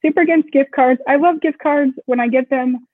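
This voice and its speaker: A woman co-founder of a screen printing shop, talking briskly and casually in an interview, with joking asides. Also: high voice, fairly even intonation, no echo. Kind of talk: casual explanatory interview talk. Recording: tinny phone-like audio, dry.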